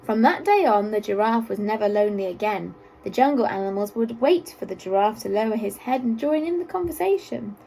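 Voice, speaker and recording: A woman reading a children's story aloud in an expressive, sing-song way. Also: medium pitch, fairly quick, gravelly, hardly any pauses, a little hiss or hum, poor audio.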